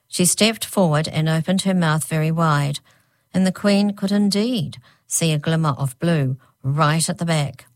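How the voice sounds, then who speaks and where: A woman narrating a children's storybook in a measured reading manner. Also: sits low, no echo. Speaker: audiobook narrator.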